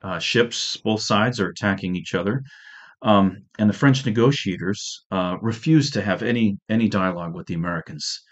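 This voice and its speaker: A man with a deep, low voice gives a relaxed history lecture. He talks conversationally, with restarts and offhand jokes. The audio is dull and lo-fi. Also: moderate pace. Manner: conversational, with restarts and jokey asides.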